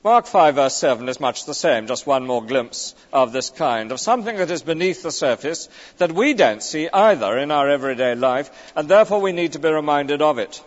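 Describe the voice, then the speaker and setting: A man's voice: fairly high pitch, animated, brisk, few pauses. A man preaching a sermon, emphatic, often tagging on rhetorical questions. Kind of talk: expository sermon. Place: large church. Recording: dull recording with long church reverb.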